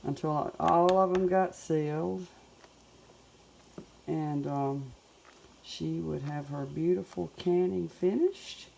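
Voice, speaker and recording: A woman's voice: sits low, takes it slowly, vocal fry, pauses often, dark tone, slight background noise. A middle-aged woman with a Southern US accent, chatting folksily in her home kitchen as she cooks. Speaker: home cook. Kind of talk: casual cooking demonstration.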